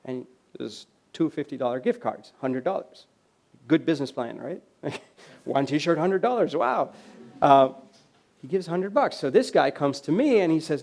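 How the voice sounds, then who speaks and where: A man from the USA giving a storytelling keynote at a university event, animated and laughing often as he acts out the people in his stories. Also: a little high, measured pace, creaky. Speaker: keynote speaker. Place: university event hall with audience.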